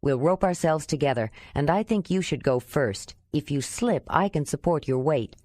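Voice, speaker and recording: A woman doing a calm, low-voiced young man. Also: normal speed, no echo. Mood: careful. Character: steady young man guide, calm and practical.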